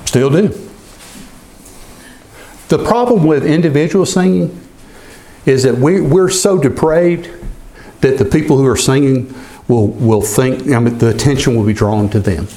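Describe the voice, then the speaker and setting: A male pastor delivers a sermon at a deliberate pace. He slows down noticeably for scripture readings and gives each phrase weight. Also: medium pitch, mellow.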